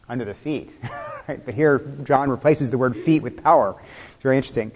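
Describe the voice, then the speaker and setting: A man's voice: mid-range voice, normal speed, a little mellow, in a large hall. A male pastor preaching a sermon in a conversational way, asking the listeners questions and chuckling now and then.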